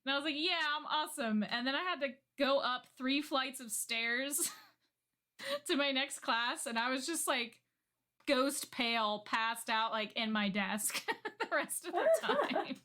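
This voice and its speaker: A woman co-hosting a podcast, telling stories in casual chat with an animated manner and frequent laughter. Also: high-pitched, measured pace. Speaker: podcast co-host.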